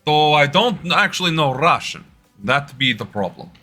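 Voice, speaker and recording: A man's voice: fairly high pitch, sing-song, moderate pace, pushed and bright, breathy edge, faint music behind. A young man chatting casually with his live-stream audience while playing a game, loose and joking. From United States. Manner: loose, joking, talking to chat. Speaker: political streamer.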